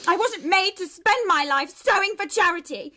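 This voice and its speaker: An actress playing a bitter, rebellious young daughter in a radio drama, sarcastic and tearful by turns. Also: female voice, very high voice, animated, moderate pace, pushed and bright, full character voice. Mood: accusing. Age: young adult.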